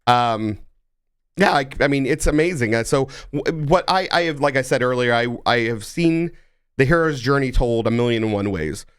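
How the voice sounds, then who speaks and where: A man's voice: medium pitch, expressive, moderate pace, clear, resonant tone, dry recording. A man, the guest, chatting in a studio in a rambling way with many restarts. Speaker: guest, film network president. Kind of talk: casual studio chat.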